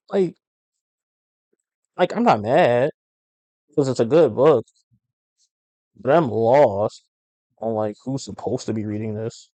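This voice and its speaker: Man, podcast host, slangy and profane, warm mellow voice, dry close sound. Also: mid-range voice, slow pace, pauses often, no room sound. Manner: slangy, profane, animated rants. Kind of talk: casual comic book review podcast.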